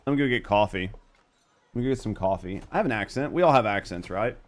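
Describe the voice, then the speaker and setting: A man's voice: lowish voice, animated, fast talker. A man with a Southern US accent, streaming a game and chatting casually with viewers, joking and swearing freely. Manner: profane, joking. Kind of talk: casual live-stream chat.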